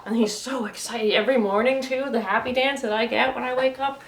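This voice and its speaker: A woman's voice: fairly high pitch, fairly even intonation, brisk, noisy background. A woman in her twenties speaking in a documentary interview, emphatic and casual, filling her speech with "like" and swearing when she gets upset. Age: 20s.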